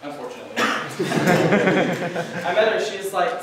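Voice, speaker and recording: A young man performing a stand-up comedy set, telling animated stories and shouting out quoted lines. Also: high voice, a little fast, crowd noise. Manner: animated storytelling with loud acted-out quotes. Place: event hall with a live audience. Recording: distant echoey hall recording.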